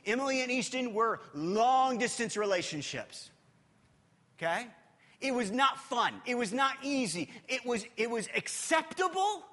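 In a church, a male pastor preaches a sermon with a bright, husky, high voice whose pitch leaps around a lot, and a long reverb trails through the hall. He speaks emphatically, moving between loud and hushed passages and repeating words as he gathers his thoughts.

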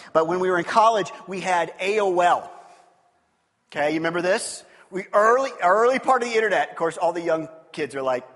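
Animated high-voiced pastor in a reverberant hall. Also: male voice. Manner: animated storytelling, swinging between loud and quiet. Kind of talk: sermon.

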